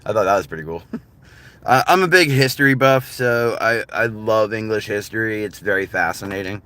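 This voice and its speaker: A man's voice: lowish voice, lively intonation, moderate pace, a bit bright, no echo. A man chatting casually with viewers on a livestream, rambling, laughing often and swearing freely. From United States. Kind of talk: casual live-stream chat with viewers.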